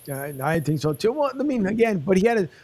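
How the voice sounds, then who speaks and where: A man's voice: high-pitched, sing-song, fast, darkish tone. A man hosting a sports podcast, sharing rambling opinions in an easygoing way. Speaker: podcast host. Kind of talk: casual podcast chat.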